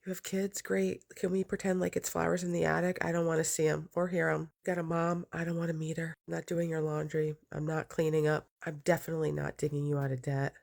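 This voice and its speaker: A middle-aged divorced woman giving a bitter, deadpan monologue to camera. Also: low voice, brisk, gravelly, few pauses. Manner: deadpan, bitter, flat list of refusals.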